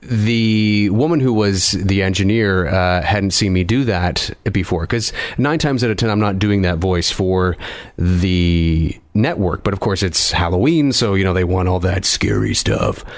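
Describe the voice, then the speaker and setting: A man's voice: sits low, animated, measured pace. A man co-hosting a podcast, easygoing and agreeable in casual chat. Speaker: podcast co-host.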